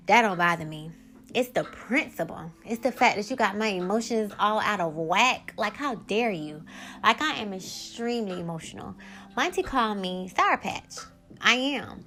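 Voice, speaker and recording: A woman's voice: mid-range voice, fairly bright tone. A woman hosting a solo podcast who talks in a candid, emphatic, rambling way. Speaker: podcast host.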